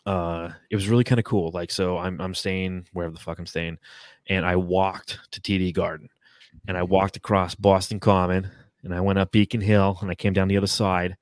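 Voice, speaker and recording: A man's voice: sits low, flat delivery, brisk, dry recording, studio quality. A man co-hosting a podcast, telling rambling, profane stories in casual chat over a remote call. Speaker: podcast co-host.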